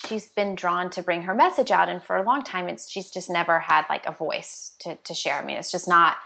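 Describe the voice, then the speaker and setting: A woman's voice: lowish voice, fairly quick, gravelly. A woman public speaking trainer, a podcast guest, talking earnestly in a casual style full of "like" and "you know". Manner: warm-hearted, earnest, lots of "like" and "you know" fillers. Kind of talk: casual conversational interview.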